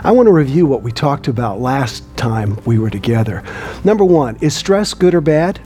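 A man, lecturing a class and quizzing the room with lively, emphatic delivery. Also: mid-range voice, moderate pace. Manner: lively, asks the room questions. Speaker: teacher.

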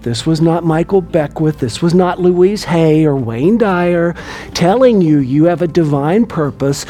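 A man, lecturing a class and quizzing the room with lively, emphatic delivery. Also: high voice. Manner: lively, asks the room questions. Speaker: teacher.

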